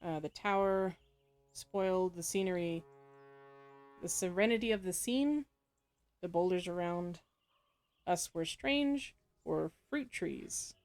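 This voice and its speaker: A woman with a fairly low voice reads a story game's text aloud, stopping now and then for casual remarks of her own. She laughs often and corrects her own slips as she goes. Faint game music plays in the background. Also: takes it slowly, long pauses, a little mellow. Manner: frequent laughs and self-corrections while reading. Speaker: game player.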